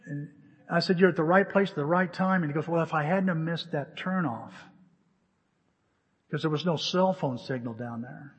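A man preaching a sermon, telling a story with lively back-and-forth dialogue before turning to scripture. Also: on the high side, moderate pace, husky, in a large hall. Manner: animated storyteller acting out both sides of phone calls. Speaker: pastor.

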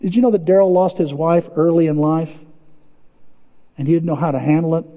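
A male pastor preaching a sermon in a lively, animated way, acting out quoted voices. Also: a little fast, long reverb tail, dull audio. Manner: animated, acts out quoted voices with big pitch jumps.

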